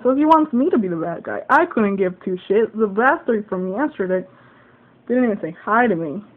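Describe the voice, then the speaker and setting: A woman's voice: medium pitch, expressive, normal speed. Heated woman venting into a phone. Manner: heated, swearing, acts out both sides of an argument. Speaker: vlogger. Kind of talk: casual venting story. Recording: tinny phone-like audio, faint hiss.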